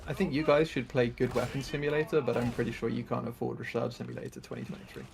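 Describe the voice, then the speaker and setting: A man's voice: medium pitch, quick pace, gravelly, noisy background. A man chatting while gaming, rambling about his character's abilities. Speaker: co-player. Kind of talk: casual gaming chat.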